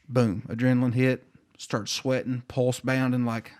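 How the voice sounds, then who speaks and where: A man on a podcast telling a work story in casual chat, acting out the dialogue in animated bursts. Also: mid-range voice, brisk. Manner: animated, acts out quoted dialogue.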